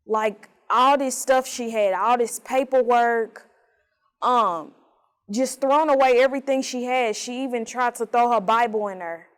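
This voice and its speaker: Woman with a smooth, higher voice. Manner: plain, unhurried storytelling with casual fillers. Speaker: incarcerated woman telling her story. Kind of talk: personal testimony.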